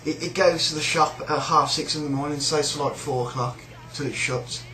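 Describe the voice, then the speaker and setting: A man's voice: on the high side, fairly even intonation, normal speed, sharp tone, reverberant, poor audio. A man with a British accent ranting in a sneering, rambling, sweary way about a coworker. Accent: British English. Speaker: shop worker. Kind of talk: casual rant.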